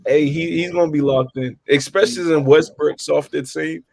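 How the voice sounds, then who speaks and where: An eager, upbeat man in a casual basketball chat. His voice is gravelly and slightly high. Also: fairly even intonation, normal speed, a little mellow, dry recording, poor audio. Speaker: co-host.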